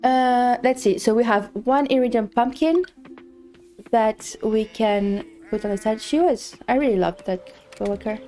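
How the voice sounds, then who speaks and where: A woman's voice: fairly high pitch, a little slow, mellow, faint music behind. A woman streamer chatting casually while playing a farming game, telling a story with many restarts and repeats.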